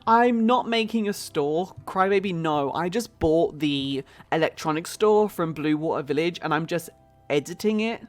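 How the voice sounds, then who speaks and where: A British woman with a lowish voice talks through her game on a live stream. She chats casually, muses aloud as she builds and calls viewers by name. Soft game music plays quietly underneath. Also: animated, normal speed. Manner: chatty, thinks aloud, greets chat viewers. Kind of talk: casual gameplay commentary.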